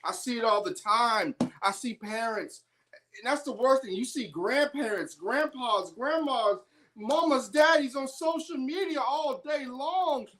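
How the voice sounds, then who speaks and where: A woman's voice: high-pitched, measured pace, fairly bright tone. A woman hosting an independent sports show, delivering a heated, emphatic opinion monologue.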